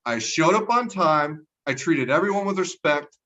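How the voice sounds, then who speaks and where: Deadpan man doing stand-up. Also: fairly high pitch, normal speed, a little hiss or hum. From Texas. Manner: deadpan one-liners, chuckles at own jokes. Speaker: stand-up comedian. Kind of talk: stand-up set. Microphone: livestream mic.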